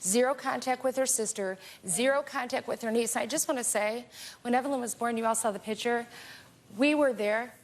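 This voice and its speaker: A woman's voice: fairly high pitch, fairly quick. A woman, a mother appearing as a talk show guest, telling her story in an impassioned, indignant way. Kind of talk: emotional personal testimony.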